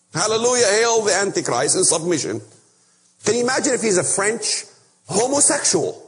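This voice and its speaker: Animated preacher man in a reverberant hall. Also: sits high. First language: Arabic. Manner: emphatic, animated, rhetorical questions. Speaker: speaker on biblical prophecy. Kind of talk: preaching Bible lesson.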